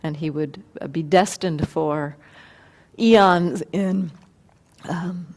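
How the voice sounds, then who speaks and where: A woman meditation teacher giving a dharma talk, unhurried and thoughtful, often pausing and restarting her sentences. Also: lowish voice, a little mellow. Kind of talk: dharma talk retelling a story.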